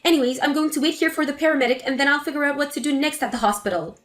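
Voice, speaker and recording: High-voiced woman reading a drama story. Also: very fast, fairly bright tone, soft background music. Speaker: narrator.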